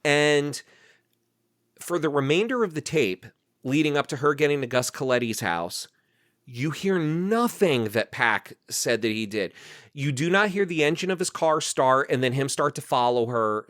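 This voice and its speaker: A man from New Jersey, an author and podcast guest, talking in an animated, indignant way, full of "you know" and "like". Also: medium pitch, unhurried, no room sound, clean studio sound. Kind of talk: podcast interview.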